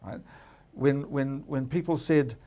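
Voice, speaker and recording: A middle-aged man with a New Zealand accent giving measured, emphatic political commentary in a studio discussion, often restarting phrases. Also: medium pitch, dark tone, highs cut off.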